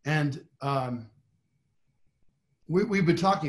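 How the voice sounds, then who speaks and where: A man, a trial lawyer, telling a story in a panel discussion, animated, with frequent restarts and rising emphasis. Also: a little high, slow.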